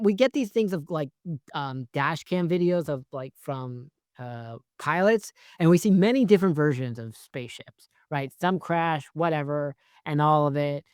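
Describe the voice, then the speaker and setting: Exasperated, profane film reviewer, rambling sarcastic rant, mid pitch, dry mic. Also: clean tone, dry recording. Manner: rambling, heavy use of "like" and "right?". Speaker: movie reviewer. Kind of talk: ranting film review vlog.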